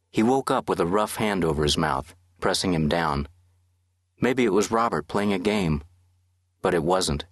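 A man narrates an audiobook in a steady, measured way. His voice is very low and husky, recorded close and dry with no room sound. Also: no echo. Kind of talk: scripted narration.

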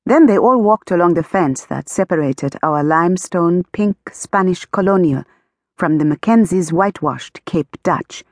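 A woman narrating an audiobook in a steady storytelling manner, lightly amused. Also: fairly low pitch, unhurried, no echo, studio quality.

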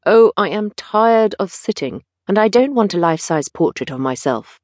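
A woman voicing an eager, petulant young gentleman in an audiobook, with lively, pleading delivery. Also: mid-range voice, moderate pace, no room sound, clean studio sound, lightly acted.

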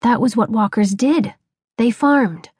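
A woman reading a children's novel as an audiobook narrator, with clear, steady storytelling. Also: on the high side, measured pace, no room sound, studio quality.

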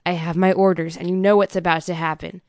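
A woman's voice: lowish voice, level tone, fast talker, darkish tone, no echo, studio quality, close to an everyday voice. A woman voicing a brutal male hitman in an audiobook, talking in a threatening, taunting way. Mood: menacing.

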